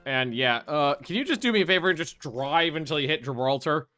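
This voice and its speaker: A chatty man narrating his strategy game as he plays, thinking aloud and getting excited easily. His voice is bright and a touch high. Soft music runs quietly behind him. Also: a little fast. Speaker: video game streamer. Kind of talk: casual let's-play commentary.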